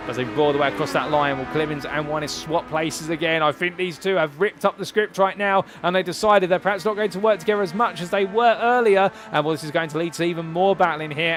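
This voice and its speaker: Brief: male race commentator, high bright voice, rattling through live play-by-play. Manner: rapid play-by-play, rising to excited calls. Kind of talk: live sim racing commentary.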